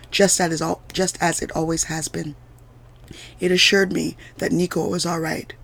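Give me a woman narrating her own story for a podcast, with a gravelly edge of vocal fry. She keeps a measured, deliberate pace, with every sentence steady and composed. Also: deep voice. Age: adult mother of several children. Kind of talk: reading a personal story aloud.

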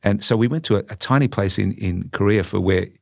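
An Australian man in his sixties, a podcast guest telling stories in a lively, animated way. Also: lowish voice, fairly quick, vocal fry, no echo, clean studio sound. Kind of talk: casual storytelling.

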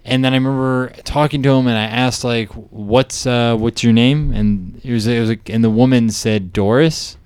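A man's voice: medium pitch, steady tone, normal speed, few pauses, a little mellow, clean tone, dry recording. A man, a comedian co-hosting a podcast, telling rambling anecdotes in casual chat. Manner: rambling anecdotes with fillers and restarts.

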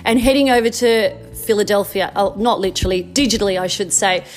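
A woman's voice: medium pitch, brisk, soft background music. A woman hosting a podcast, a bubbly, friendly interviewer who laughs often. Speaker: podcast host. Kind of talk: casual interview.

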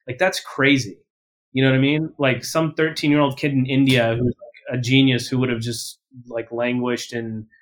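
Blunt, rambling man on a podcast. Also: mid-range voice. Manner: self-correcting and full of verbal fillers. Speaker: podcast guest. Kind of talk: casual interview talk.

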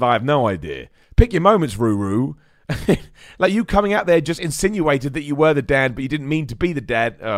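A man's voice: on the high side, no echo, studio quality. A young man hosting a live wrestling podcast, chatting loosely and reading out viewer messages. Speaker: podcast host.

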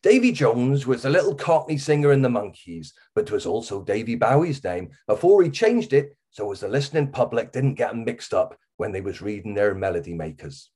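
A man's voice: mid-range voice, big pitch swings, a little fast, few pauses, dark tone, husky. A man with a Wirral accent voicing a jaded, hungover English teacher who slips into a growling pirate put-on. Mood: piratical.

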